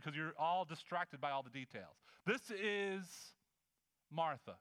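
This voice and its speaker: A man preaching a sermon in a conversational, animated way, acting out the scenes he describes. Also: on the high side, measured pace, clear, resonant tone. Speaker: pastor.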